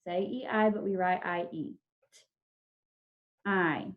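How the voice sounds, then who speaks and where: A woman teacher giving an online spelling lesson over a video call, dictating words slowly and drawn out, patient and encouraging with her class. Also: lowish voice, fairly even intonation. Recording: dull lo-fi video call audio.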